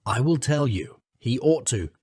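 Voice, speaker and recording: A man's voice: mid-range voice, expressive, unhurried, a little mellow, husky, dry recording, studio quality. Man doing a thoughtful sensible rat. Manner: reflective, reasoning.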